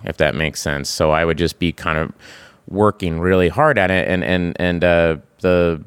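A man in his forties, a guest in a casual interview, talking in a halting way with many restarts and laughs. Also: low-pitched, steady tone, clean tone, no room sound. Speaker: guest, actor and creator.

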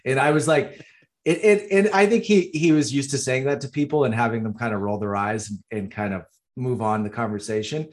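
A man's voice: medium pitch, a little fast. A man co-hosting a casual movie podcast, telling anecdotes in a laid-back way with casual swearing. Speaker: podcast co-host, filmmaker. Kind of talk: casual movie chat, storytelling.

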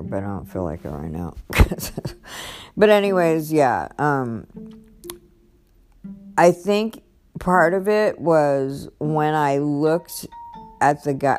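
A woman's voice: very deep voice, dark tone. A woman talking casually about her own life on a podcast, rambling with many fillers and restarts. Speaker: podcast host. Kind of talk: casual personal storytelling.

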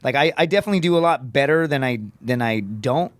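A man's voice: mid-range voice, fast talker, no echo. A man, a comedian guest, telling stories in casual podcast chat with lots of swearing and energy. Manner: profane, energetic storytelling.

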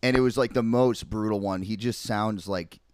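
A man's voice: on the low side, normal speed, smooth, no room sound. Rambling, foul-mouthed young man, dry sound. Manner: rambling, heavy swearing, lots of "like". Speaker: podcast co-host. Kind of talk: casual chat.

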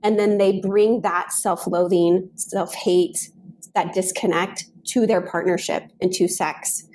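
A woman's voice: lowish voice, a little hiss or hum, low-quality recording. A woman guest author in a podcast interview, talking earnestly and telling stories from her work. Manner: earnest, storytelling, animated quoting.

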